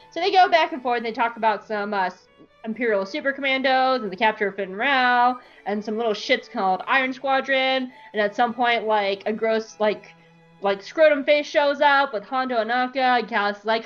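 A young woman co-hosting a podcast, recapping an episode in a casual, irreverent way, swearing often and voicing characters in quick asides. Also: a little high, fairly bright tone, dull audio, soft background music. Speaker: podcast co-host.

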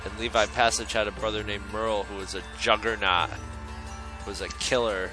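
A man hosting a podcast who tells a profane, animated story in casual chat. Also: lowish voice, normal speed, music in the background, low-quality recording. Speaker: podcast host.

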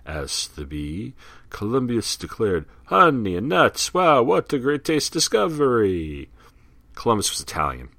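A man putting on an excitable storybook narrator voice, reading a rhyming cereal ad with jumpy high voices for the characters. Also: normal speed, no room sound. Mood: singsong.

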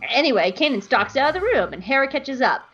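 A playful woman hosts a podcast and recaps an episode in a casual, giggly way. Her voice sits fairly high and swings widely, and the audio is a little dull, with faint music underneath. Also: sing-song, quick pace, a bit bright, slightly rough. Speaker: podcast host.

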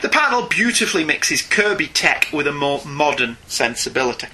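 A man co-hosting a casual comics podcast, animated and often laughing, with quick asides. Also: fairly high pitch, background noise. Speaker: podcast co-host. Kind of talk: casual chat about comics.

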